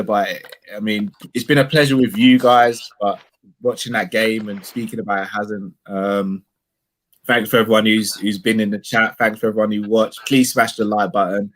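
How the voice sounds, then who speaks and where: A man's voice: lowish voice, fairly bright tone. A man hosting a casual football fan chat, laughing often as he signs off the show. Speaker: host.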